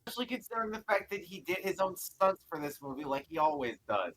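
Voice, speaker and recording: Cohost tossing in trivia, pitch bouncing around a lot, casual riff. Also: sing-song, a bit bright. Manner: chiming in with quick asides and trivia. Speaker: podcast co-host riffing a film. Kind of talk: casual movie commentary.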